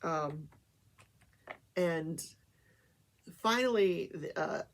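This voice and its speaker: A woman's voice: sits low, animated, very slow. An older woman hosting a talk show, chatting casually through a trial recap with many fillers.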